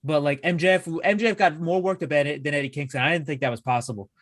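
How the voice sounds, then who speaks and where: A man co-hosting a wrestling show in casual chat, excitable and swearing freely, often restarting his sentences. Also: on the high side, quick pace, dry recording, clean studio sound. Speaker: wrestling podcast co-host.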